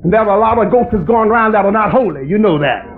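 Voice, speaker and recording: A man preaching a fiery sermon that rises into shouting. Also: high voice, expressive, fast. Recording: tinny lo-fi recording with faint hiss.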